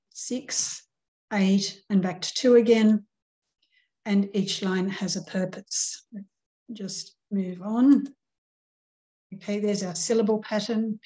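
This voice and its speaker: A middle-aged woman teaching a grammar lesson at an unhurried, deliberate pace. Her voice is mellow and warm, sitting at an ordinary pitch. She explains patiently, counting things out one by one. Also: rough recording. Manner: slow, patient, counts out syllables.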